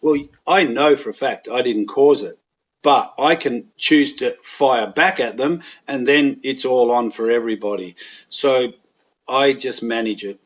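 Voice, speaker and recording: A man's voice: mid-range voice, a little slow. An Australian man speaking as a podcast guest, telling frank, plain-spoken anecdotes in a candid, conversational way. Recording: dull lo-fi audio.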